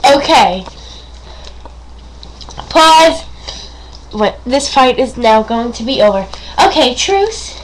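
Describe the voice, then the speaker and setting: A woman's voice: fairly high pitch, sing-song, takes it slowly, long pauses, rough recording. A young woman playing with dolls on a webcam, talking in a dramatic, whiny, giggly way. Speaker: doll play performer. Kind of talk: playful doll play on webcam. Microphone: built-in webcam mic. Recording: loud hiss on webcam audio.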